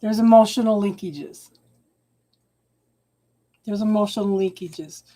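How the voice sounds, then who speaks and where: A woman's voice: medium pitch, mellow. A woman giving a live-streamed tarot reading to her viewers. She halts and repeats phrases and calls people hun. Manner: halting and repetitive, restarting phrases and calling viewers hun. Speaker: tarot reader.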